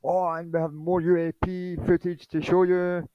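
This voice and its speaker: A man putting on a mocking high newsreader. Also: level tone, moderate pace, no room sound, lo-fi sound, lightly acted. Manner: sarcastic parody.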